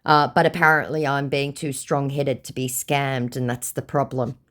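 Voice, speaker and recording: A woman hosting her channel, retelling a scammer chat in a sarcastic, expressive way. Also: extremely low pitch, moderate pace. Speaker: channel host.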